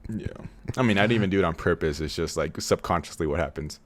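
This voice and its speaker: A man's voice: low voice, quick pace. A man co-hosting a casual podcast over a call, rambling and swearing a little, speaking in a raised customer-service voice. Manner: rambling, swears when frustrated. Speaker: podcast co-host.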